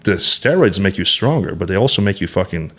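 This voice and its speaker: A low-voiced man in his thirties speaks as a podcast guest, opening up bluntly and swearing freely. He talks in emphatic bursts, circling back with restarts and fillers. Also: lively intonation, a little fast, fairly bright tone. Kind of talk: candid podcast conversation.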